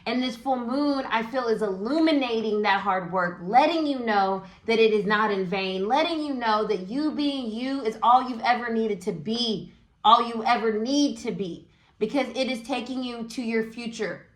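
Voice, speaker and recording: A woman's voice: on the high side, moderate pace, echoey room. A woman giving a casual, encouraging tarot reading, talking aloud with many fillers. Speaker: tarot reader.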